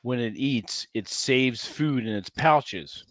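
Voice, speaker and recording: A man's voice: medium pitch, takes it slowly, no room sound. A man co-hosting a casual podcast, telling stories and laughing often through crude banter. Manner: laughs often, animated storytelling. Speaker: podcast co-host.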